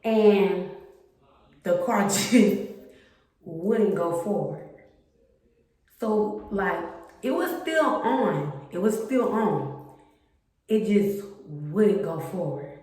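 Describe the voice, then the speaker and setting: A young woman casually telling a storytime about her car, chatty and animated, acting out the people in her story. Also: medium pitch, drawn-out words, long pauses. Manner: chatty, animated retelling with quoted voices. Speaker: vlogger. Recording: very echoey room with faint noise.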